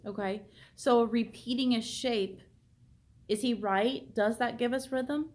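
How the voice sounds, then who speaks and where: A woman's voice: a little high, slow pace, a little mellow. A woman art teacher leading a classroom discussion, asking questions and repeating students' answers back to them.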